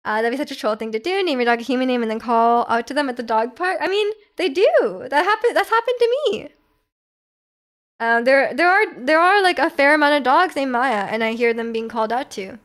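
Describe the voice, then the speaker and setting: A woman's voice: sits high, a bit bright. A young woman streamer chatting casually with her viewers, rambling with lots of fillers and restarts.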